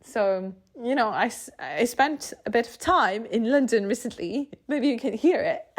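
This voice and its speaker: A woman's voice: a little high, expressive, a little slow. French-accented woman, solo podcast host; casual, tangent-prone, laughs a lot, slightly stuffy nose. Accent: French, mixed with other influences. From France.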